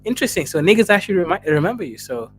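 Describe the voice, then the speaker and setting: A man's voice: sits high, very animated, rapid-fire, a bit bright, soft background music. A man with an East African accent hosting a livestream, laughing and teasing viewers as he reads their messages. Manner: laughing, teasing, talks straight to chatters. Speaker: livestream host. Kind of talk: casual livestream chat reading viewer messages.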